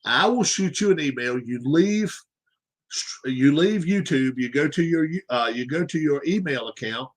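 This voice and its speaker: Emphatic sports livestream host. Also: male voice, fairly high pitch, animated, a little slow. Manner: emphatic, repeats points, asks rhetorical questions. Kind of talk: opinionated sports rant.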